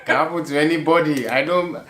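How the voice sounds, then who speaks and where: A young Nigerian man with a Nigerian accent is an easygoing interview guest, laughing often and leaning on "you know" and other fillers. His fairly high voice moves quickly, with background noise and a roomy echo.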